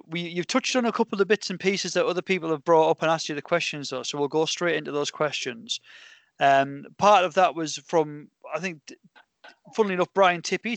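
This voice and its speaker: A man's voice: fairly high pitch, a bit bright, dry recording. A man hosting a podcast, chatting easily and reading out listener questions. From Newcastle, England. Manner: chatty, laughs often, reads out listener questions. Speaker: podcast host. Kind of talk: casual podcast chat.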